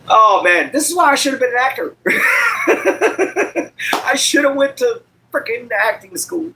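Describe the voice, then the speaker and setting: Bubbly, high-voiced American streamer. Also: male voice, lively intonation, unhurried, long pauses, pushed and bright, a little hiss or hum, poor audio. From United States. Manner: chatty, laughs often, reads out chat. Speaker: live-stream host. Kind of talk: casual chat with viewers.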